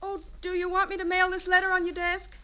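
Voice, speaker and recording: An actress playing a caring grown daughter in a 1940s-style radio drama, attentive and solicitous. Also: female voice, very high-pitched, monotone, fast, no echo, low-quality recording. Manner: bright, solicitous. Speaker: actor.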